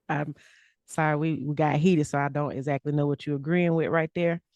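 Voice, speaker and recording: A woman's voice: low-pitched, steady tone, normal speed, a little mellow, no room sound. A woman co-hosting a casual political talk stream, chatty and teasing as she reads viewer comments aloud. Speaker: co-host reading viewer comments.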